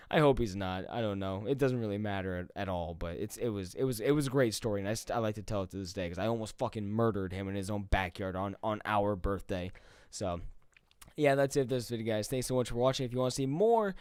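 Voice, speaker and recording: A man's voice: fairly low pitch, quick pace, darkish tone, smooth, dry recording, clean studio sound. A man in his twenties telling a story to his viewers in a casual, profane, laid-back way. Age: 20s. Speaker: gaming YouTuber.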